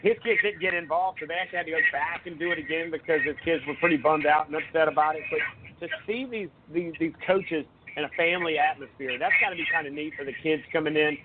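A man's voice: a little high, steady tone, fast. Man, sports radio host, chatty questions, phone-quality sound, noisy background. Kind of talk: casual sports talk. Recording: phone-like line with background noise.

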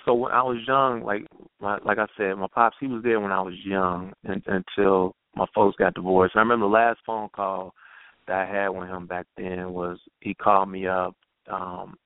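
Man, gravelly, low-pitched, earnest halting storyteller, tinny phone line. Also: dry recording. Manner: earnest, halting, many restarts. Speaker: guest poet. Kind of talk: personal storytelling in an interview.

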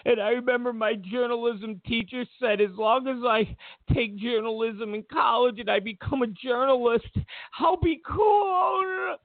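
A man's voice: unhurried, hardly any pauses, no room sound. A man putting on a crying, whiny voice to mock a self-pitying journalist. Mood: sobbing self-pity. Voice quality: crying, high whine. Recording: tinny phone-like line.

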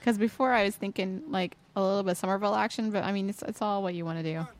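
A woman's voice: medium pitch, fairly even intonation, very fast. A woman co-hosting a casual talk show, chatty and laughing often. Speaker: co-host. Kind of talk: casual chat.

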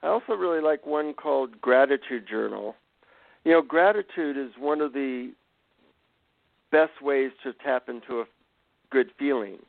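A man's voice: mid-range voice, a little slow, creaky, pauses often, dry recording. Man telling a story over the phone. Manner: animated, self-deprecating anecdotes. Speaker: guest, psychotherapist and author. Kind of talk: conversational storytelling. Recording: dry, tinny phone-line sound.

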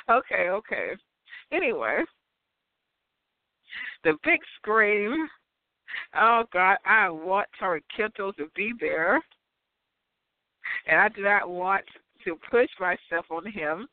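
Giggly high-voiced man on a tinny line. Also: lively intonation, measured pace, long pauses. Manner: giggly, rambling, breaks into high laughs. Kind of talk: rambling casual monologue. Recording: tinny phone-like sound.

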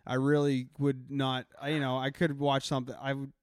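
A man's voice: mid-range voice, level tone, a little fast, no echo, clean studio sound. A man co-hosting a podcast, chatting casually with profane, joking commentary. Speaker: podcast co-host. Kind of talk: casual chat.

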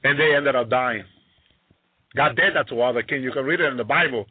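A man's voice: mid-range voice, brisk, husky, no room sound. A man preaching a sermon, emphatic and repetitive, often exclaiming hallelujah. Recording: tinny phone-like sound.

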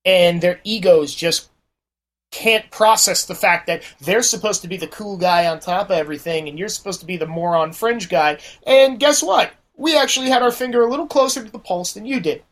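A man's voice: high voice, normal speed, fairly bright tone. A man telling stories as a podcast guest, swearing freely and mimicking the people in his anecdotes. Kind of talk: casual storytelling chat.

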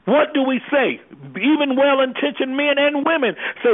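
A very high-pitched male voice at a moderate pace comes through a tinny phone line. He is an anger management specialist speaking with a preacher's fervor on a call-in discussion, throwing out rhetorical questions as he goes.

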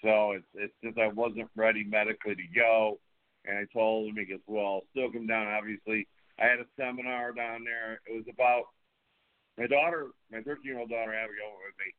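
A man's voice: fairly low pitch, steady tone, fairly quick. A middle-aged man hosting a wrestling show, chatting casually with a promo-style swagger and calling people brother. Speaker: host. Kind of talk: casual chat. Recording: tinny phone-like line.

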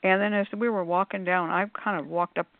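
Animated woman storyteller, gravelly and phone-thin, acts out quotes. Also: medium pitch, fairly quick, dry recording. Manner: animated, acts out quotes, talks with many fillers. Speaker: shop worker on a call-in show panel. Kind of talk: casual storytelling. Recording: tinny phone-like line.

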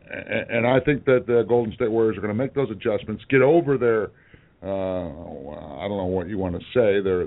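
A man co-hosting a sports talk show in casual chat, halting with many fillers and restarts. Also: fairly low pitch. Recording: tinny phone-like audio.

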